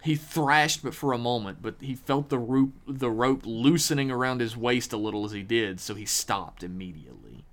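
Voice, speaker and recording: A man's voice: mid-range voice, expressive. Man narrating a horror tale. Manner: dramatic, measured storytelling with pauses. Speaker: podcast host and storyteller. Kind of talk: reading a horror story aloud.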